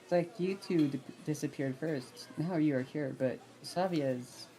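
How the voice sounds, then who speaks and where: A timid, withdrawn young woman, voiced by a woman from a visual novel, speaking quietly and hesitantly with long pauses. Her voice is low and dark, with a faint hiss of noise underneath. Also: close to an everyday voice, poor audio. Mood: uneasy.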